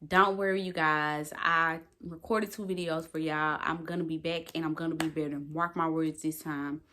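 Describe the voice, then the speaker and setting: A woman's voice: sits low, fairly even intonation, normal speed, background noise. A young woman vlogging to her phone, talking emphatically and swearing freely. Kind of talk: casual talk to camera.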